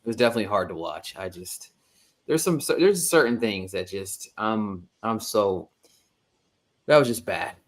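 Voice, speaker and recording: A man co-hosting a casual movie review podcast, talking haltingly with many fillers and restarts. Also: lowish voice, animated. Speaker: podcast co-host.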